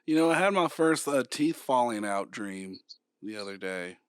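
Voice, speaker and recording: A man's voice: medium pitch, moderate pace, clean tone, dry recording, clean studio sound. A man co-hosting a podcast, telling stories in a casual, playful and giggly way. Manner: playful and giggly, relaxed storytelling. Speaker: podcast co-host. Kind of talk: casual chat.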